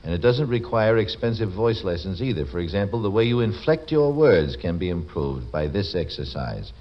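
A man's voice: sits low, big pitch swings, normal speed. A man hosting a radio show, joking and teasing between sponsor plugs and letters he reads aloud. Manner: wry, teasing, quips after reading aloud. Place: radio studio. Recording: dull lo-fi old radio broadcast with faint hiss.

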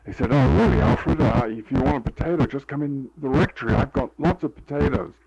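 A man's voice: medium pitch, brisk, vocal fry, darkish tone, husky, lo-fi sound. An older man telling rambling stories in an interview, with many fillers, acting out the dialogue he recalls. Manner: meandering, full of fillers, acts out quoted dialogue. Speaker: interviewee telling a life story. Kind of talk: rambling anecdotal storytelling.

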